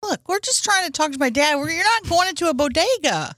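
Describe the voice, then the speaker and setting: Casting: a woman doing a high-voiced, earnest client missing her dad, pushy and deadpan, comedy bit. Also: fairly quick, dry recording, clean studio sound. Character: young woman client wanting to reach her late father. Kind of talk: improvised comedy sketch.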